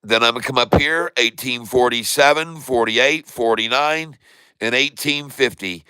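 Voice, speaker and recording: A man hosting a casual stock trading livestream, folksy and excitable, chatting to viewers while he trades. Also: mid-range voice, normal speed, clean tone, no room sound, clean studio sound. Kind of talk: casual live market commentary.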